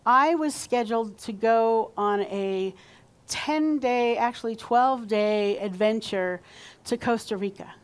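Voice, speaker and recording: Woman pastor, slow and chatty sermon delivery in a church, voice a touch high. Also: clear, resonant tone. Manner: warm conversational preaching, leads call-and-response. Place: church sanctuary.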